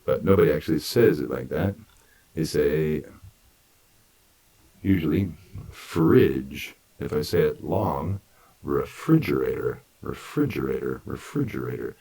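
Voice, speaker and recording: A man with an extremely low, gravelly voice teaches English grammar very slowly. He breaks each sentence into pieces and repeats words one by one. His tone is husky and unhurried. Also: dark tone, poor audio. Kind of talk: slow, deliberate grammar lesson.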